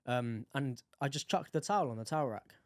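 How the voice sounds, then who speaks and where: A young man co-hosting a podcast in casual chat, swearing freely and telling animated stories. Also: medium pitch, a little fast, no room sound. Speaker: podcast co-host.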